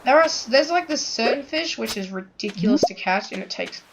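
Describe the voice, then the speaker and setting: A woman giving rambling, chatty commentary while playing a farming video game, full of likes and restarts, with loud game music behind her. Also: a little high, expressive, a little fast, very noisy. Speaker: gaming video creator. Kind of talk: let's play commentary.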